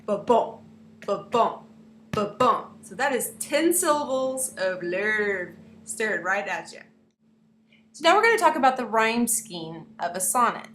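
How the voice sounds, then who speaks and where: A woman's voice: fairly high pitch, big pitch swings, unhurried, a bit bright. A young woman, teaching a lesson to her students in a playful way and speaking to them directly. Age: young adult. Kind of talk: classroom lesson narration. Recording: echoey room with faint hiss.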